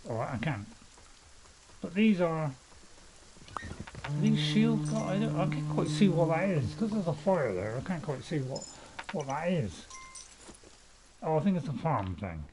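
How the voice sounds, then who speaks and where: An older man in his seventies, rambling and chatty over his gameplay, often poking fun at himself. His voice sits a touch higher than most men's. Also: sing-song, unhurried, long pauses, a little mellow, a little hiss or hum, low-quality recording. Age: 70s. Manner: rambling, chatty, joking and self-mocking. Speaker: gaming channel host. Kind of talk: casual gameplay commentary.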